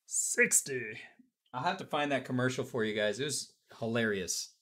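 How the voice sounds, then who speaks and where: A man's voice: medium pitch, normal speed, bright, forceful tone. A man hosting a casual live-stream auction, calling out bids and chatting with viewers in an upbeat way. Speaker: auction host.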